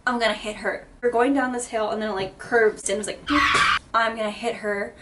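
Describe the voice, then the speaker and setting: A woman vlogger with a slightly high voice tells a story time tale in an animated, dramatic way, dropping swear words as she goes. Music plays clearly behind her. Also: fast talker. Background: background music.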